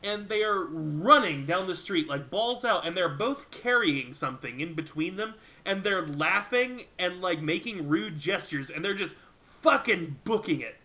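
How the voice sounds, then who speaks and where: Guy dm narrating a tabletop game, bright voice, laughs a lot. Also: sits high, lively intonation, unhurried. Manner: laughs often, rambling with fillers. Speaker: game master.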